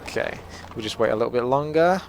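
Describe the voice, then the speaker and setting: A young man hosting a gaming channel, chatting and joking as he thinks out loud through live gameplay commentary. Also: medium pitch, expressive, fast, gravelly, background noise. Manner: chatty, jokey, thinks aloud while playing.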